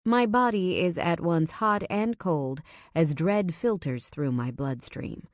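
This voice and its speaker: Brief: woman audiobook narrator, low voice, tense and measured, dry close mic. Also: lively intonation, no echo. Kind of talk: first-person audiobook narration.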